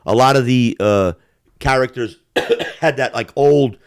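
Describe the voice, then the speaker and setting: A man's voice: mid-range voice, unhurried, no echo, clean studio sound. A middle-aged man from the United States, hosting a casual podcast chat, rambling and profane. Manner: profane, rambling, animated impressions. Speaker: podcast host.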